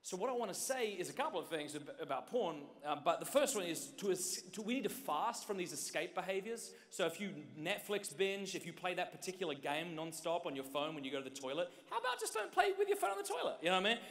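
A man speaking to a large conference audience in an energetic, joking way, talking straight to the crowd. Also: high voice, fast, few pauses. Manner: joking, direct, keeps addressing the audience. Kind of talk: energetic motivational talk to a crowd. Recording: long hall reverb.

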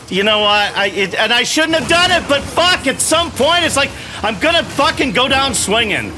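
Middle-aged dad gamer, lively up-and-down delivery, cussing at himself mid-fight at home. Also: male voice, high voice, noisy background. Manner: frustrated, swears a lot, talks to himself. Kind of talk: casual gameplay commentary. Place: home room.

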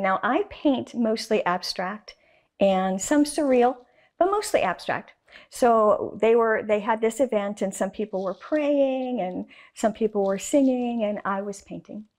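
In an interview, a woman who is a guest artist recounts stories with enthusiasm, stressing points and repeating herself emphatically. Her voice is medium in pitch and a little mellow.

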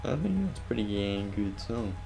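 Low-voiced man joking along. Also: big pitch swings, normal speed, gravelly, mellow, faint music behind. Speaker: game co-developer commenting. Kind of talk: casual gameplay chat.

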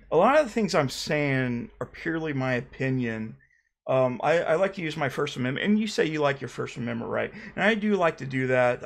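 A man hosting a comedic mock interview, talking low and deadpan with hesitant restarts. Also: vocal fry. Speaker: parody interviewer.

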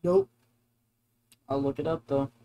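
A young man co-hosting a casual reaction video with his mother, giving short, deadpan, low-key answers. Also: a little slow, vocal fry, muffled recording. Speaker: co-host, son.

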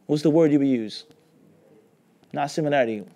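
A man's voice: on the high side, a little fast, mellow. A man teaching an Islamic class, lecturing and constantly quizzing his students with questions. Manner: keeps quizzing the class with "what?" and scolding asides. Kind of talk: lecturing with call-and-response questions.

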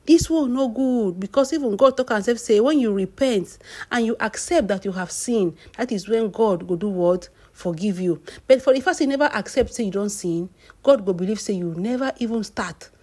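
A woman's voice: medium pitch, moderate pace, darkish tone, husky. A woman with a Nigerian accent giving exclamatory celebrity gossip commentary and calling out to her viewers. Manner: exclamatory, addresses viewers as "my people". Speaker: gossip vlogger.

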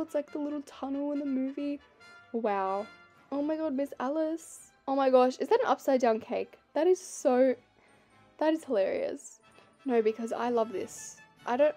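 Young woman gaming vlogger, excitable and gushing, slightly high, mellow tone, faint music behind. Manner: gushing, excitable, frequent gasps. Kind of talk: game walkthrough commentary. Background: faint background music.

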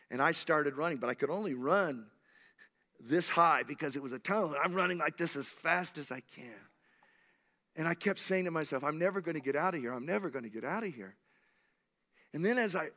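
In a church sanctuary, a male pastor preaches a sermon, telling a personal story with earnest intensity before rising to fervent appeals to the congregation. His voice is fairly high and fairly bright, with a long reverb tail.

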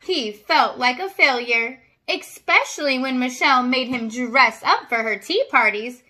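A woman reading a children's story aloud at home in an expressive way, with little asides to her listeners. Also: sits high, measured pace.

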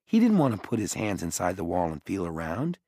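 A man reading an audiobook in expressive scripted narration, close to the mic. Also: sits low, brisk, husky, dry recording. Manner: expressive storytelling.

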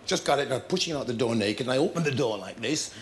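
A man, a talk show guest, telling lively anecdotes with laughter and acted-out scenes. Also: mid-range voice, fast talker, slight background noise. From Ireland. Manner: storytelling with laughter, acting out scenes.

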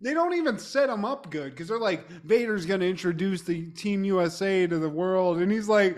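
High-pitched animated podcast guy. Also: moderate pace, few pauses. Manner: animated, profane, mimics people, breaks into laughs. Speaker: podcast co-host. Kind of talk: casual wrestling recap chat.

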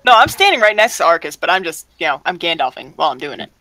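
A young adult player describing their character's actions in a tabletop game, animated and playful. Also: medium pitch, quick pace, dry recording, rough recording.

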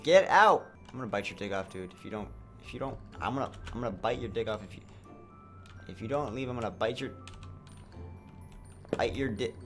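A young man giving crude, excitable comedy commentary over a game, swinging from low mutters to high squeals. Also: a little fast, pauses often, soft background music. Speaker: gameplay streamer. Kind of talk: comedic let's play commentary.

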